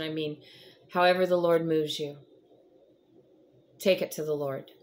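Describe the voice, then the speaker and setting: A woman's voice: low-pitched, fairly even intonation, a little slow, pauses often, a little mellow, a little hiss or hum. A woman giving a casual devotional talk in an earnest, encouraging way, rambling a little with frequent fillers. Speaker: host of a devotional chat.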